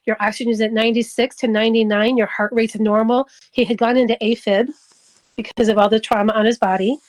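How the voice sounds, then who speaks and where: A woman's voice: fairly high pitch, low-quality recording. A middle-aged woman giving an emotional personal testimony in an interview. She acts out the dialogue as she tells it. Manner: emotional storytelling, acting out dialogue.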